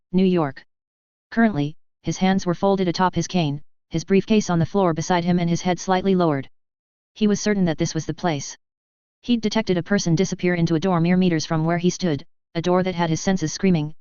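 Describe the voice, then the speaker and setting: A woman reading a story aloud in a steady, even narration. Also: fairly low pitch, smooth, no echo, dull audio. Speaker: fanfiction reader. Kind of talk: scripted narration.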